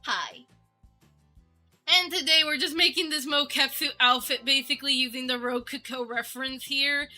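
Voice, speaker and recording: A VTuber streamer chats bubbly and casually with her viewers, giggling often, as faint music plays behind her. Her high, bright, forceful voice holds a steady tone and moves a little fast with few pauses.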